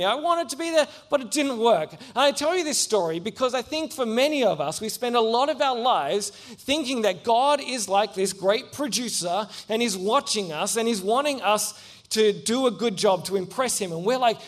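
A young man giving a sermon, telling funny personal stories and acting out the voices in them. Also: high-pitched. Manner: animated, acts out voices in anecdotes. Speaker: preacher. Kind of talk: storytelling sermon.

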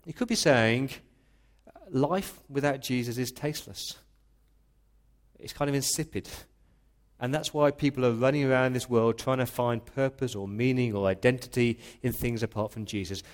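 Earnest man preaching a sermon. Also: medium pitch. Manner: earnest, emphatic preaching with repeated restarts. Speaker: pastor.

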